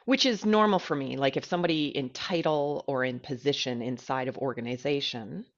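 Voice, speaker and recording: A woman co-hosts a personal podcast conversation, speaking candidly and emotionally about herself with plenty of filler "like"s. Her voice is very deep and fairly quick, and the audio has its highs cut off.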